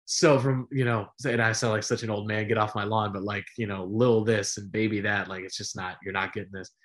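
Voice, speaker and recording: A middle-aged man, a sportscaster guest, telling stories in a casual interview, animated and full of fillers. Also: lowish voice, brisk. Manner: animated storyteller with many fillers.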